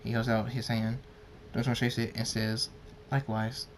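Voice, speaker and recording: A man reading a fan story aloud as an amateur narrator. His delivery is plain and unpolished, with small slips and restarts. His pitch sits in a middling range for a man, and faint noise runs underneath. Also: monotone, brisk. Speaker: fan fiction reader.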